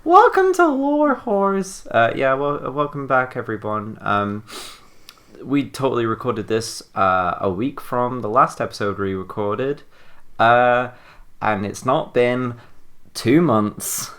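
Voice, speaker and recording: Really deep-voiced woman cohosting a chatty podcast, jokey, lots of ums and uhs. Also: takes it slowly, fairly bright tone. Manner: joking, trailing off, many fillers. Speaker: podcast co-host. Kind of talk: casual chat.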